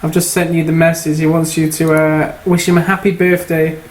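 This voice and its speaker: Male co-caster, fairly high voice, flat delivery, chatty. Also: brisk. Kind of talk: casual game commentary.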